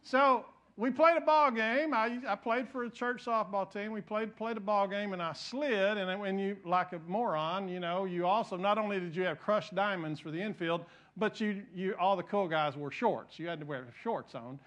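His voice notably high and fairly bright, a middle-aged pastor preaches at normal speed with hardly any pauses. The sermon centers on a folksy, wandering story told directly to the congregation, with frequent sentence restarts.

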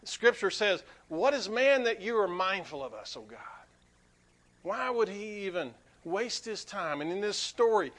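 A man's voice: sits high, sing-song, a little slow, fairly bright tone. Earnest man preaching a sermon. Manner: earnest storytelling with many restarts. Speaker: pastor.

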